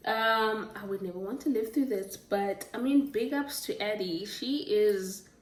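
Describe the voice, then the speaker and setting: A chatty woman giving casual book reviews, rambling and stopping to correct herself. Her mid-pitched voice sits a little back from the mic, and the room around her is echoey. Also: a little slow. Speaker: book vlogger. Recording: roomy, distant from the mic.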